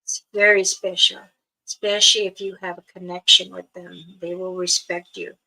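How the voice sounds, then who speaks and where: An older woman, a spiritual elder, talking casually to her viewers in a slow, soft, halting way with many pauses. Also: lowish voice, little pitch movement, creaky, rough recording. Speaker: spiritual elder and channel host.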